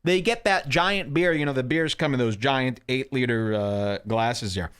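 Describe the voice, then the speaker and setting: He speaks at a measured pace in a medium pitch, his tone clear, resonant, and a bit bright. Despite a headache, the internet radio host keeps up rambling, irreverent commentary, mocking and ranting at whatever he scolds.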